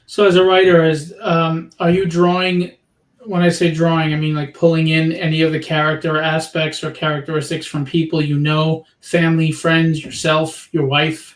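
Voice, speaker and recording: A male host with a fairly high voice chats and promotes in a casual livestream. His voice carries an echoey room sound. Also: completely flat delivery, normal speed. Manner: chatty, promotional.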